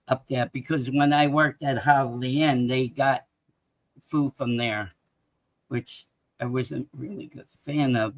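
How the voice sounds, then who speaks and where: A man calling into a sports show, rambling and hesitant, with a gravelly fry in his voice. The sound is dry, over a video call. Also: mid-range voice, no room sound, low-quality recording. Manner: rambling, hesitant, full of fillers. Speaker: caller. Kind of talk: casual call-in chat.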